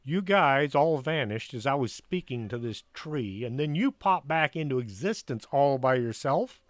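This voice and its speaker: Male narrator putting on a gruff, sarcastic armed man; dry close sound, storybook. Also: mid-range voice, lively intonation, a little slow, no echo, natural voice. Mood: suspicious. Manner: blunt, sarcastic.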